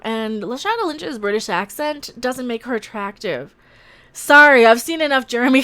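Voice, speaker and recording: A woman's voice: high voice, fairly bright tone. A woman hosting a casual livestream, sarcastically reading out and answering comments in a rambling way with many restarts. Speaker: livestream host reading chat.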